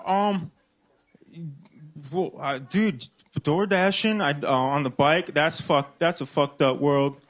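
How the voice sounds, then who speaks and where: A man in his thirties from Illinois, answering questions on a comedy club stage in a slow, hesitant, deadpan way full of fillers. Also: on the high side. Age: 30s. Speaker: comedian being interviewed. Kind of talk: slow halting comedy chat.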